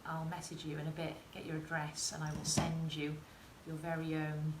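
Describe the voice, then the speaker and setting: A woman craft tutor chats through a live sewing demo, encouraging viewers in chat despite a completely flat delivery. Her low voice runs at normal speed in a very noisy recording with roomy echo and faint ambience.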